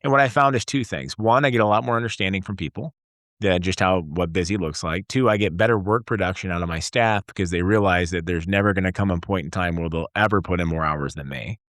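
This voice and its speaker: A man in his forties, a guest entrepreneur, telling stories in a casual interview and acting out bits of dialogue with lively energy. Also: low voice, fast, no room sound, clean studio sound. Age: 40s. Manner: energetic storyteller, acts out dialogue.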